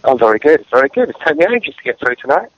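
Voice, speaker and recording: An upbeat male caller talks quickly and keenly in a casual phone-in. His pitch is middling. The sound is dry and muffled, lo-fi. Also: big pitch swings, no echo. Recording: dull, dry lo-fi recording.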